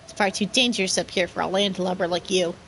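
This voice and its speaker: A woman voicing a gruff, bossy male skeleton pirate captain who talks in salty pirate slang. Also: on the low side, fairly even intonation, fast, fairly bright tone, a little hiss or hum, poor audio.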